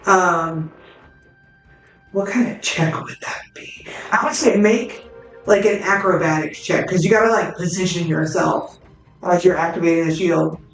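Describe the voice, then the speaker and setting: A woman's voice: fairly low pitch, measured pace, distant mic, faint music behind. Woman game master, loose and chatty, in a roomy echo. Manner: casual, filler-heavy, vivid play-by-play. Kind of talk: narrating a tabletop game.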